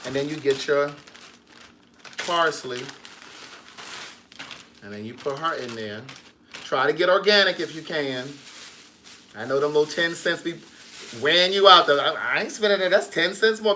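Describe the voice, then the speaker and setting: A man's voice: fairly high pitch, moderate pace, pauses often, pushed and bright, a little hiss or hum. A man in his home kitchen chatting casually through a how-to, sassy and teasing, calling the viewer niece and girl. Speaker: vlogger and writer.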